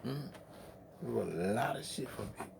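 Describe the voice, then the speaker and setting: A man's voice: medium pitch, lively intonation, moderate pace, vocal fry, noisy background. A man hosting a late-night music stream, rambling in profane, laughing, casual chat between songs.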